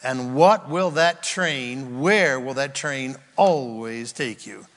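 A man preaching a sermon as a pastor, stressing key words with drawn-out emphasis. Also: mid-range voice, a bit bright. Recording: long reverb of a large hall.

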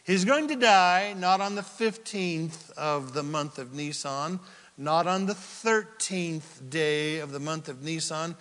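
High-voiced preacher man in a reverberant hall. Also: slow. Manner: dramatic, rises to loud quoted cries then drops to near-whispers; teacherly, asks the listeners questions and answers them. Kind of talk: sermon. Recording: long reverb of a large hall.

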